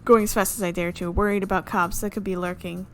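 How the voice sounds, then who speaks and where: A woman streamer reading a visual novel aloud, amused and quick to laugh. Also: medium pitch, steady tone, faint music behind. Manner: amused, reads with frequent laughs.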